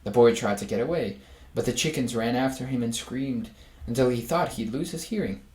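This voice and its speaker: A man reading a children's storybook aloud, giving the animals lively voices. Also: mid-range voice, brisk, reverberant.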